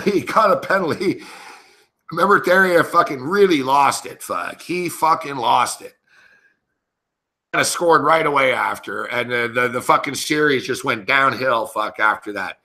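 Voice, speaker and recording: Brash, profane, bright-voiced middle-aged man. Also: mid-range voice, unhurried. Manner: profane, brash, laughing between lines. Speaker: sports betting show host. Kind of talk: casual storytelling to a live chat.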